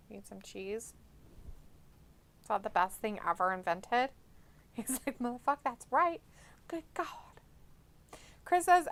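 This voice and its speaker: A woman's voice: medium pitch, a bit bright. A woman hosting a casual live watch-along stream, reading chat aloud, blunt and profane, chatting to her cat between remarks.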